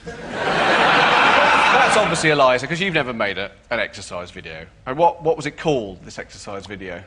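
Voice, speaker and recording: Teasing male panelist, lively pitch. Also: normal speed, background noise. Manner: incredulous, teasing.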